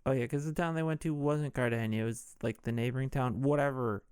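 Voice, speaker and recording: A man's voice: medium pitch, steady tone, fast, a little mellow, clean tone, no echo, studio quality. A man hosting a podcast, recapping a movie casually with irreverent jokes and swearing. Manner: irreverent, jokey, swears freely. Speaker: podcast host.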